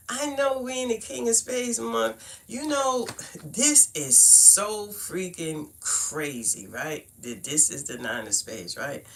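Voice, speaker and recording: An older woman with a Brooklyn accent, from Brooklyn, New York, reads cards live from her home. Low-pitched and very animated, she speaks slowly, with a little hiss or hum on the audio. She keeps it chatty, talking right to viewers and calling them "y'all" and "fam."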